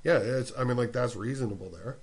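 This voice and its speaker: A man's voice: medium pitch, brisk, vocal fry, breathy edge. A man chatting casually, rambling with lots of filler words. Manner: rambling, many "like" and "whatnot" fillers. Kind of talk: casual podcast chat.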